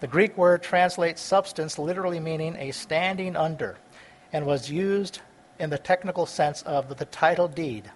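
A man preaching a sermon, reading scripture aloud and explaining it, stumbling over words at times and swinging between loud and soft delivery. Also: sits high.

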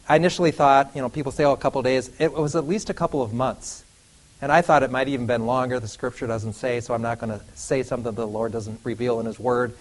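A man preaching a sermon, animated, acting out biblical dialogue with laughs and sudden outbursts. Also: fairly high pitch, low-quality recording. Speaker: pastor.

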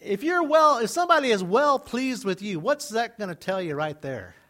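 A male pastor delivering a sermon in a high-pitched voice. He talks to the congregation conversationally, swinging from loud, emphatic bursts to soft, low asides. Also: expressive, normal speed. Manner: conversational, dramatic swings between loud and quiet.

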